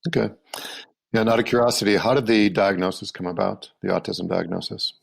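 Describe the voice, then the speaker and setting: A man's voice: fairly low pitch, little pitch movement, a little fast, vocal fry, breathy edge. A man hosting a podcast, asking polite, curious interview questions. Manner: polite, inquisitive. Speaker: podcast host.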